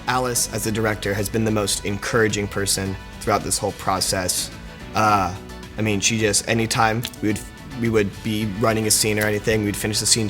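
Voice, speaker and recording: A young man and lead actor talking casually in a behind-the-scenes interview, rambling and self-deprecating, laughing easily and joking with the crew. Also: on the low side.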